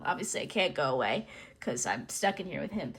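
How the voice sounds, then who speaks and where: A woman's voice: low-pitched, big pitch swings, a little fast, fairly bright tone, slightly rough. A woman casually narrating her solo tabletop role-play, giggly and self-conscious, rambling as she thinks aloud.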